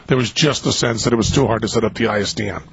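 A man hosting a radio talk show, joking and quick with his guest and laughing often. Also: fairly low pitch, creaky, a bit bright, slight background noise. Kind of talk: casual radio chat. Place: radio studio. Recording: dry, dull radio studio sound.

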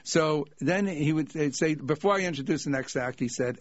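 An older man, a comedian guest, telling anecdotes in a lively way and laughing as he goes. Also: fairly high pitch, moderate pace, no echo. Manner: lively, laughing as he tells stories. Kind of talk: anecdotal storytelling. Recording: dull dry lo-fi sound.

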